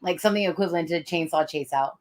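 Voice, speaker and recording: A woman co-hosting a casual live-stream chat, blunt and quick to agree. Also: on the low side. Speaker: podcast co-host.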